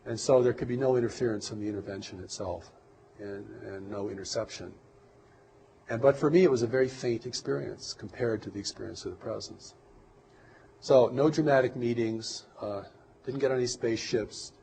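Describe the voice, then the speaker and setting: A man giving an interview, speaking in a measured, reflective way with some halting pauses. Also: mid-range voice, creaky, dark tone, slightly rough, low-quality recording. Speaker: interview guest. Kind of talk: earnest interview conversation.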